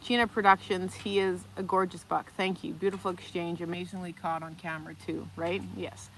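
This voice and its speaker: A woman hosting a live stream, telling stories in a casual, animated way and reading out viewer comments. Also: on the low side, a little fast, a little hiss or hum. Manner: animated, chatty, reads viewer comments aloud. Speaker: livestream host.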